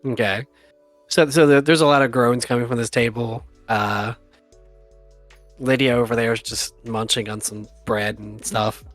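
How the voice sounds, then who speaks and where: A man narrating as game master for a tabletop game, relaxed and often chuckling, with lots of fillers. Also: mid-range voice, normal speed, no echo, soft background music.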